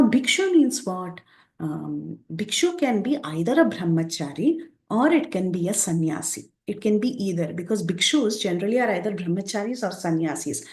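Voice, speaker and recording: A woman teaching a scripture class, retelling the story with lively quoted dialogue. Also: medium pitch, echoey room.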